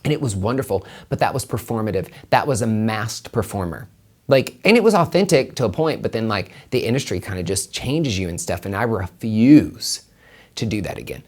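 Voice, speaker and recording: A man's voice: lowish voice, expressive, normal speed, a little mellow. A man hosting a solo podcast on tarot and numerology, talking emphatically with plenty of swearing, repeating his points and calling the listener honey. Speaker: podcast host and tarot reader.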